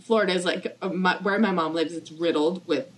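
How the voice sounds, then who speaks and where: A young woman chatting casually, telling animated stories and acting out what others said. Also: lowish voice, fairly quick, slight background noise. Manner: animated storyteller who acts out quotes. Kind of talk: casual chat.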